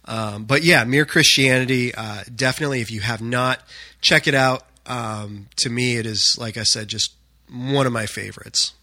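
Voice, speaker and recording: A man from the United States talks earnestly and casually, dotting his sentences with "you know." His voice is bright and forceful. The sound is dry and close, with no room echo. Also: mid-range voice, normal speed. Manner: earnest, uses many fillers like "you know". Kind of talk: casual chat about faith and books.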